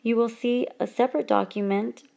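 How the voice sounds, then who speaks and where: A woman teacher giving a recorded lesson over whiteboard slides, speaking slowly and deliberately and stretching out example words. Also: on the high side, steady tone, vocal fry, a little mellow.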